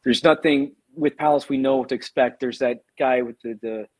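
A man talks through his football opinions at an even pace. His mid-range voice is a little husky, and the sound is dry and close. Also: mid-range voice, normal speed, no room sound. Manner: steady, opinionated analysis. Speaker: podcast co-host. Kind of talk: casual football chat.

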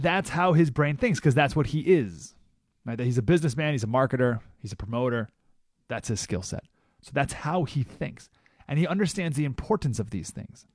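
A man hosting a talk radio show, telling stories in a conversational, animated way with frequent asides. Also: mid-range voice, dry recording, studio quality.

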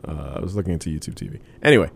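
A man co-hosting a casual wrestling chat, rambling with halting restarts and frequent laughter. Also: low voice, expressive, gravelly, slight background noise.

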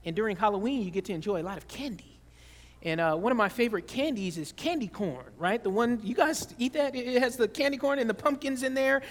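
High-voiced pastor preaching in a hall. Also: male voice, quick pace. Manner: animated storytelling with big swings in pitch and loudness. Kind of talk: sermon.

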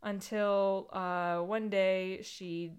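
A woman's voice: mid-range voice, steady tone, very slow, smooth. A woman co-hosting a podcast, casually retelling a story with plenty of "like" and "um". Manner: rambling summary full of fillers like "like" and "um". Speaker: podcast co-host.

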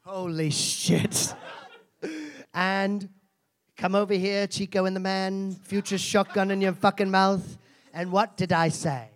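A man's voice: sits high, little pitch movement, slow. A man hosting a live comedy show on a theater stage, mock-solemn and abrasive, swearing and laughing at his own jokes.

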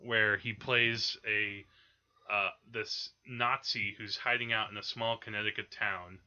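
A man's voice: fairly low pitch, flat delivery, unhurried, sharp tone, highs cut off. A man hosting a podcast, chatting casually about old films with lots of fillers and restarts. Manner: rambling, many fillers and restarts. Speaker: podcast host. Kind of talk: casual film discussion.

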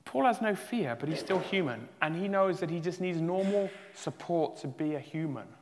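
A male pastor preaching a sermon in a church hall, earnest and emphatic, rising to loud peaks and sometimes stumbling over his words. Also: fairly high pitch, expressive, normal speed, a little hiss or hum. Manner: restarts and stumbles, emotional. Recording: long hall reverb.

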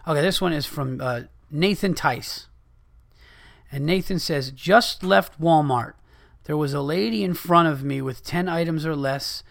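A man's voice: a little high, measured pace, creaky, a bit bright. A man in his thirties hosting a podcast, ranting in a heated, profane comedic way and often restarting his sentences. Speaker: podcast host.

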